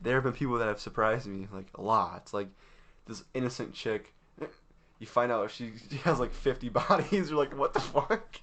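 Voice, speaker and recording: A man's voice: mid-range voice, normal speed, fairly bright tone. A young man co-hosting a podcast, chatting casually and rambling with lots of fillers and frequent laughter. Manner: giggly, rambling with many fillers. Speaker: podcast co-host. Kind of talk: casual chat.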